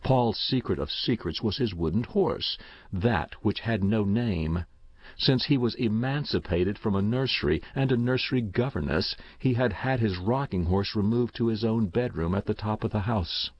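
A man narrating a short story aloud in an expressive, measured reading. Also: lowish voice, no room sound. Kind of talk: audiobook reading. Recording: dull, dry recording.

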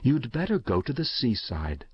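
A man's voice: medium pitch, wildly swooping pitch, moderate pace, breathy edge, dry recording, muffled recording, heavily acted. A man voicing an anxious, weary mother who coaxes and pleads with her son. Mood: coaxing. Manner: anxious, coaxing.

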